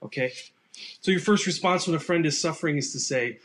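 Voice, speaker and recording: A pastor giving a relaxed, conversational sermon, speaking unscripted and acting out sample replies in quoted voices. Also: male voice, on the high side, fairly quick.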